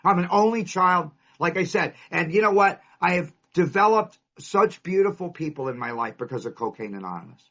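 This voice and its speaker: A man's voice: high voice, animated, a little fast, hardly any pauses, a bit bright. A man from California giving an emphatic, storytelling share at a recovery meeting, driving his points home with punchy lists. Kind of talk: recovery share to a live audience. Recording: dull lo-fi recording.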